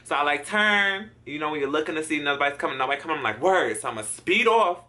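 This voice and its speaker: A man's voice: a little high, lively intonation, fast, pushed and bright. A man in his twenties vlogging a storytime, acting out his own reactions and swearing freely. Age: 20s. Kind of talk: storytime vlog.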